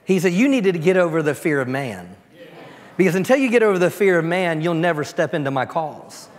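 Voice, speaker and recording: A pastor giving a storytelling sermon, dropping to a soft, quiet voice when he prays. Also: a little high, big pitch swings, a little fast. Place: church sanctuary. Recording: long church reverb.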